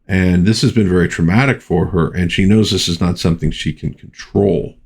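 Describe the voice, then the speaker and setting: Deep-voiced American man chatting about comics. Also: fairly even intonation, fairly quick, vocal fry. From United States. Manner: chatty, rambling with restarts and asides. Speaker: comic book reviewer. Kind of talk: casual commentary.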